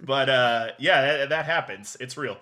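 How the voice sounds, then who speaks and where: A man on a podcast panel, describing a movie in animated casual chat, full of "like" and laughs. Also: mid-range voice, a little slow.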